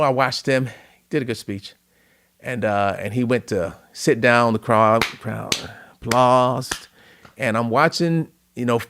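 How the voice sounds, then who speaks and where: Middle-aged man, podcast guest, earnest storytelling, dry close sound, mid pitch. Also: dry recording. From Louisiana. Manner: earnest, tearful at moments, animated retelling. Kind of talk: emotional storytelling.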